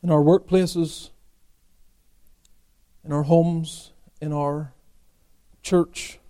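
A pastor preaching a sermon, asking rhetorical questions and answering them, swinging from emphatic peaks to quiet asides. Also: male voice, on the high side, fairly even intonation, extremely slow, smooth.

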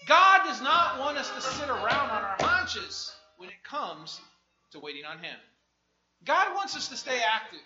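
Bright-voiced preacher man, roomy and dull. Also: high voice, normal speed, faint music behind. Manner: animated, swings from hushed to shouting. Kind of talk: sermon with personal testimony.

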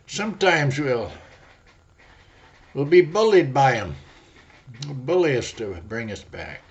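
Male preacher, slow dramatic sermon, muffled lo-fi audio. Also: medium pitch. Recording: dull lo-fi audio.

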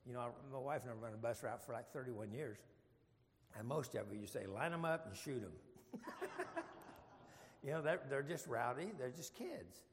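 A man's voice: medium pitch, expressive, moderate pace, pauses often. An older man teaching a casual Bible study in church, folksy and rambling, with frequent chuckles. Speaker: preacher. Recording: long hall reverb.

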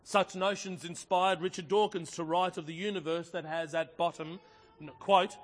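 A man delivers a sermon in a slightly high voice, earnest and emphatic, pressing each point home. His words ring out with a long, lingering reverb of a large hall. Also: steady tone, normal speed. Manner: earnest, emphatic, building to forceful readings. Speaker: preacher.

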